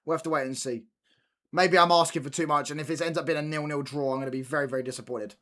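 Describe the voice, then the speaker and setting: A young man chats casually on a football watchalong stream, repeating his points and trading slangy banter with viewers. His voice is on the high side and fairly bright, with fairly even intonation, and he talks fast.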